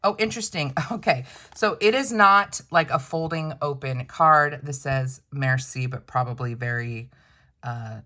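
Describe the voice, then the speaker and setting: A woman's voice: rumbling low, measured pace, pushed and bright. A woman vlogger chatting casually to camera while unboxing stationery, thinking aloud with little self-questioning asides.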